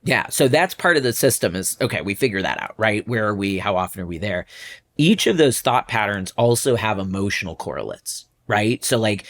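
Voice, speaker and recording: A man's voice: on the low side, lively intonation, a little fast, a bit bright. A man hosting a podcast as a coach, explaining patterns step by step and often checking in with "right?". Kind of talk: coaching conversation.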